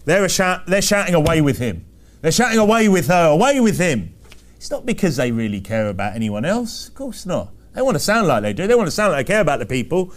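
Male preacher, high register, emphatic repeating sermon delivery. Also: big pitch swings, quick pace, few pauses. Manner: emphatic, repetitive preaching cadence with rhetorical questions.

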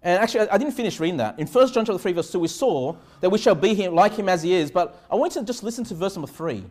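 Pastor guy preaching, high voice, earnest, lots of questions to the crowd. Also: expressive, a little mellow. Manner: slow, deliberate scripture reading. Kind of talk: sermon.

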